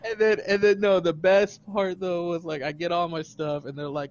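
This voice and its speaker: A man's voice: sits high, little pitch movement, brisk, few pauses, dull audio, a little hiss or hum. A man casually telling a story on a podcast, rambling, repeating words and laughing a lot. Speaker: podcast host.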